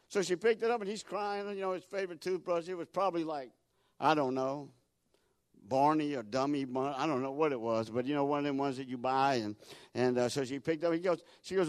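A man preaching a sermon as a guest speaker, telling folksy stories, repeating words and building to loud emphatic peaks. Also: on the high side, brisk, no echo.

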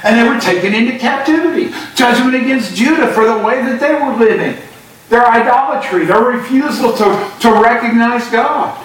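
A man's voice: very high voice, normal speed, fairly bright tone. A male pastor preaching a sermon and reading Scripture with emphasis. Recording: echoey church sound from a distant mic.

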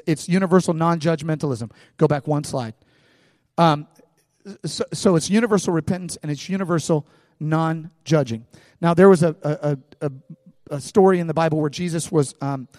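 Male pastor, high voice, chatty sermon delivery with restarts, dry mic with long hall tail. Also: darkish tone. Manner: casual, conversational preaching with many fillers and restarts.

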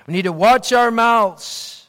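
A man's voice: extremely high pitch, slow, a bit bright. A man preaching a sermon as pastor, earnest, with his voice rising and falling. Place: church sanctuary. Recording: long reverb of a church hall.

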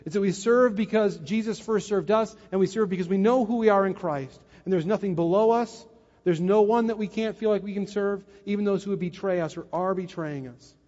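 Middle-aged male preacher, animated storyteller, muffled sound in a large echoing hall. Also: high-pitched, a little fast. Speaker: pastor. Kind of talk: sermon with personal story. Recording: muffled, long hall reverb.

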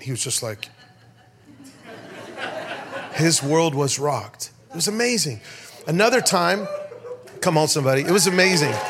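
A middle-aged man preaches a sermon in an animated, storytelling way. His speaking voice sits somewhat high for a man. He often breaks off to call out to his congregation. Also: a little hiss or hum. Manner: animated storyteller, rhetorical calls to the crowd. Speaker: pastor.

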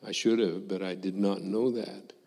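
An older man, a former missionary, telling a personal testimony to a congregation in a slow, reflective way, acting out the dialogue he recalls. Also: sits low, steady tone, gravelly, mellow, big-room sound.

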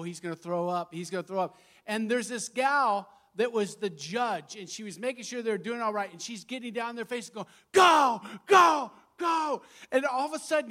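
Lead pastor, man, middle-aged; lively storytelling sermon delivery, laughs easily, higher-pitched voice. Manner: animated, laughing, acting out stories.

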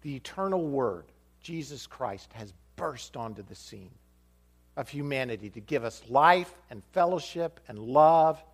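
Animated pastor. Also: male voice, mid-range voice, a little slow, husky. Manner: animated, acts out dialogue with shifting voices. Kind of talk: storytelling sermon.

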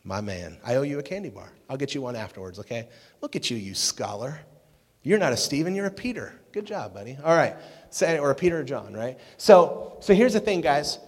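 Energetic guy preaching to teens, jokes around w the crowd, big hall echo. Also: mid-range voice, brisk. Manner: energetic, jokey, talks with the audience. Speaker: youth pastor. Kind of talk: sermon to a youth group. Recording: long reverb of a hall.

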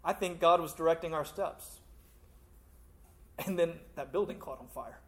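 Higher-voiced pastor preaching conversationally. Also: male voice, normal speed. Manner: conversational preaching, swinging between loud emphasis and hushed asides. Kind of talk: sermon.

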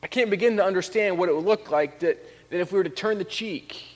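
A pastor giving a conversational sermon that rises to emphatic peaks. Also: male voice, sits high, fast talker, long reverb tail.

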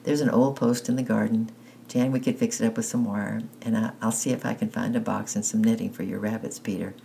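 A man reading the part of a gentle, tired father who answers his children calmly and peacefully. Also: on the low side, fairly quick, creaky, slight background noise. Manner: peaceful, calm.

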